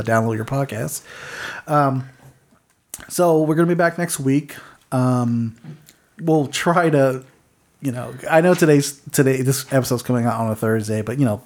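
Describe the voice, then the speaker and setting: A man's voice: mid-range voice, darkish tone. A man hosting a casual podcast, telling stories in a rambling way with lots of fillers and chuckles. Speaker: podcast host.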